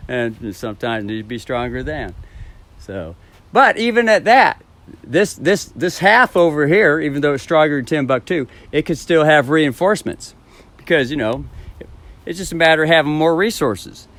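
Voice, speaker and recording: A man's voice: fairly high pitch, expressive, moderate pace, a bit bright. A man rambling to camera in a casual vlog, swearing and chuckling as he talks. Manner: rambling, profane, chuckling to himself.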